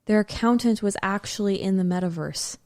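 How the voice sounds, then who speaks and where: A woman's voice: mid-range voice, a little fast, a little mellow. A woman co-hosting a casual podcast, trading dry, sarcastic jokes. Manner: dry joking, sarcastic asides. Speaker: podcast co-host.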